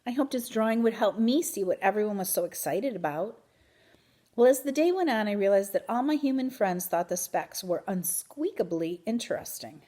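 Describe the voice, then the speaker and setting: A woman reading a children's book aloud in an expressive, animated way. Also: medium pitch, normal speed. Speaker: reader. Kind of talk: storybook read-aloud.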